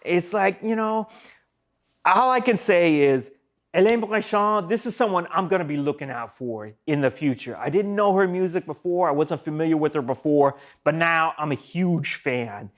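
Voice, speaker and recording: Man, music reviewer, casual spoken review, enthusiastic, rambling, slightly high voice. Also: expressive, moderate pace. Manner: enthusiastic, rambling, many fillers and asides.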